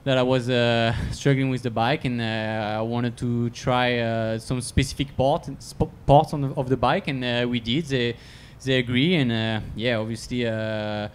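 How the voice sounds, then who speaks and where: A man, a racer answering at a post-race press conference, speaking haltingly with many filler sounds. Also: mid-range voice, steady tone, a little hiss or hum.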